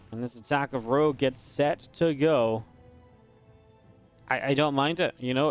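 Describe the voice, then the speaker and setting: A man giving live play-by-play commentary on a strategy game match, quick and excitable, with restarts and filler words. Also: mid-range voice. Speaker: esports caster.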